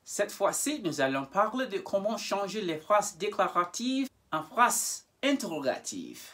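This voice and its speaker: Man, French teacher, animated sing-song delivery, repeats examples, swoops up on questions. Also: sits high, normal speed. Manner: repeats each example aloud, speaking questions with a sharply rising voice. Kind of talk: bilingual grammar lesson.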